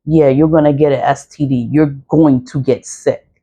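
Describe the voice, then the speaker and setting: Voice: medium pitch, fairly even intonation, moderate pace, warm tone, slightly rough. A speaker in their forties giving a casual spiritual monologue as a practitioner. They talk bluntly and preachily, repeat themselves and swear freely. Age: 40s. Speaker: spiritual practitioner selling cleansing products.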